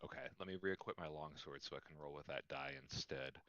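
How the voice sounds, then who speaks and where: A man's voice: very deep voice, a little fast, sharp tone, no room sound. A man playing a tabletop game online, talking casually as he works through his dice rolls and rules questions. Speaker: player. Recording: slightly dull lo-fi audio.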